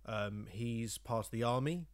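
A man's voice: medium pitch, a little slow. Rambling male podcast co-host. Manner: rambling, hesitant with fillers. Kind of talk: casual chat.

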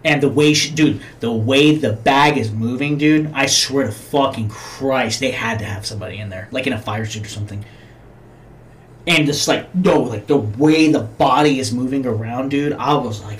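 A man's voice: mid-range voice, normal speed. A man co-hosting a podcast, casually retelling a film scene in a profane, rambling way. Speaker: podcast co-host. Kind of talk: casual chat.

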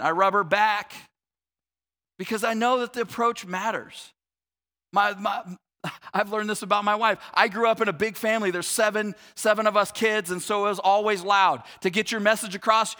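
Bright high-voiced male preacher. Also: in a large hall. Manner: earnest, repeats words as he builds, drops to a soft low voice for reflection. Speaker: pastor. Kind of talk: sermon.

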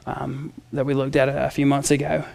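A man's voice: medium pitch, monotone, fairly quick, creaky, darkish tone. A man preaching a sermon in a casual, conversational way. He reads scripture aloud and mixes in playful asides and fillers. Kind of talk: expository sermon.

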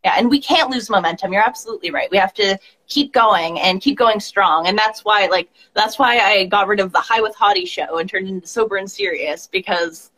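Woman host, husky voice, supportive, casual chat. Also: medium pitch, a little fast, few pauses, fairly bright tone, poor audio. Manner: supportive, reassuring, agreeing often. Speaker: podcast host.

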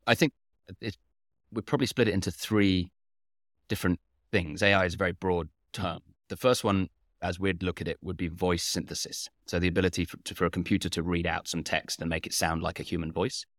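A man's voice: low voice, no echo, studio quality. A man, a company founder, answering interview questions at length, laying out his points in order with frequent fillers. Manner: methodical, lays points out in numbered order; frequent "uh" and "you know" fillers.

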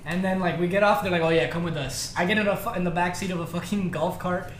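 A young man telling a story in casual chat among friends, animated and swearing constantly. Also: high voice, quick pace, roomy sound, a little hiss or hum.

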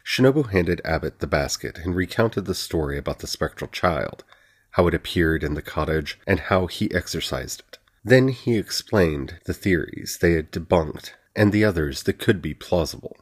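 A man narrating a fantasy audiobook in an even, steady reading. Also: low-pitched, normal speed, slightly rough.

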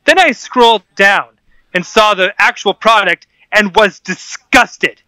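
A man co-hosting a casual podcast chat, joking and telling animated stories. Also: high voice, measured pace, dry recording. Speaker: podcast co-host.

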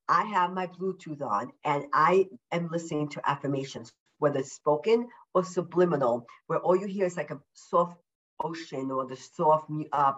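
An upbeat woman guesting on a podcast, bubbly and emphatic, doubling up her words. She keeps her pace slower than her usual rush, and her voice sits fairly low. The remote call sounds a little muffled and lo-fi. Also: fairly bright tone. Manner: deliberately slowed speech. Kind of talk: casual interview chat. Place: at home.

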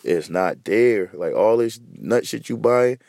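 A man's voice: fairly low pitch, lively intonation, unhurried, gravelly, darkish tone, no room sound, clean studio sound. A man hosting a podcast in a heated, profane, repetitive rant. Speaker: podcast host.

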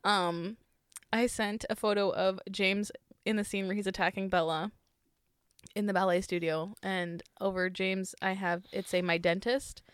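A woman's voice: mid-range voice, fairly even intonation, clear, resonant tone, no room sound, studio quality. A young woman co-hosting a podcast in casual chat, giggling often and swearing freely. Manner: giggly, swearing, talks in quick bursts. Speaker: podcast co-host.

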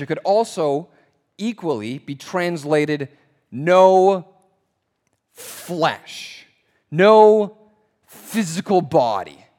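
A man teaching from the Bible, slowing down to stress key words emphatically. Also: a little high, in a large hall.

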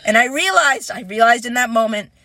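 Young woman, high voice, dry close sound, animated storytelling, casual chat. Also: fairly quick, no room sound. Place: parked car.

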